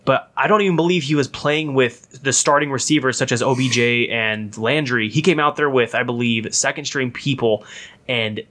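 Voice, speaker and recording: Rambling, bright-voiced male podcast host. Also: medium pitch, moderate pace. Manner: rambling, laughs often, many restarts. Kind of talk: casual podcast chat.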